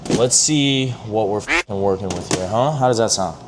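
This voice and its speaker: A man's voice: lowish voice, moderate pace, background noise. A young man vlogging in casual, rambling talk, joking around and swearing a lot as he drives and shops. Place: in a car, then in a shop and at home.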